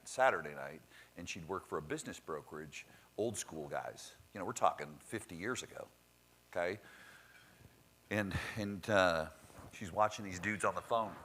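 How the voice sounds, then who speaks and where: Blunt low-voiced man telling stories. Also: pushed and bright, slight background noise, rough recording. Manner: blunt and profane, storytelling. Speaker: speaker introducing the next speaker. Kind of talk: motivational talk to an audience.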